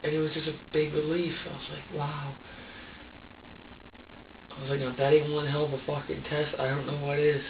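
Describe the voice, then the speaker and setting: A distressed man under police questioning pours out his account in a halting, profane rush, tripping over repeated words and sounding close to tears. He is picked up from across a bare, echoey interview room, dull and slightly muffled. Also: fairly high pitch, level tone, creaky, recorded from a distance, a little hiss or hum. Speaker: suspect being questioned. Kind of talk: emotional recounting under questioning.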